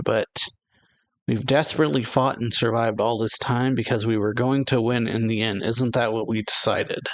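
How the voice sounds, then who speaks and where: For his reaction channel, a man with a mid-range voice reads manga dialogue out loud. He rises slightly in pitch for the characters' lines and laughs in between, keeping things loose and casual.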